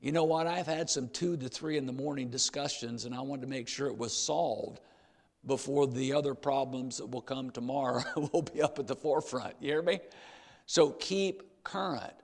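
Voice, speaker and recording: A man's voice: medium pitch, normal speed, creaky, darkish tone, big-room sound. An older man preaching a sermon, emphatic, repeating key phrases and speaking straight to the congregation.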